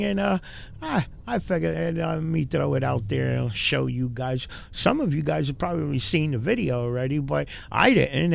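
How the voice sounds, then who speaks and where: A man's voice: a little high, vocal fry. A man hosting casual commentary, rambling and mocking with frequent fillers. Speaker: commentary host.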